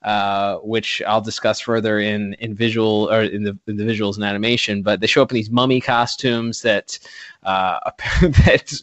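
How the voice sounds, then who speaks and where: A man's voice: lowish voice, flat delivery, normal speed, fairly bright tone, no echo. A man co-hosting a podcast in casual chat, rambling and correcting himself with frequent chuckles. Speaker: podcast co-host. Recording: dull lo-fi podcast mic.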